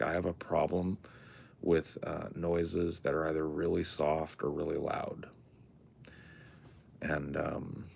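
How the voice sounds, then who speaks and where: A man's voice: rumbling low, vocal fry, a little hiss or hum. A man co-hosting a podcast in casual, profane, rambling chat, talking from his home in the woods at night. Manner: laid-back, profane, rambling. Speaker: podcast co-host.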